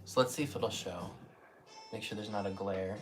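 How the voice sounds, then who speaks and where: A man's voice: lowish voice, normal speed, soft background music. A man selling antiques on a live stream, talking casually and easygoing while showing items. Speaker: antiques seller.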